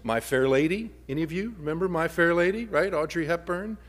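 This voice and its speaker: A man preaching a sermon. His delivery swings from loud emphasis down to a near-whisper. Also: on the high side, lively intonation, fairly quick. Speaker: pastor.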